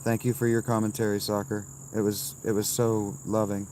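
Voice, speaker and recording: Blunt low-voiced man streaming outdoors. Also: flat delivery, darkish tone, a little hiss or hum. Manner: blunt, dismissive quick answers. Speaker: live streamer. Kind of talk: casual live-stream chat replies. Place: outdoors at a campsite.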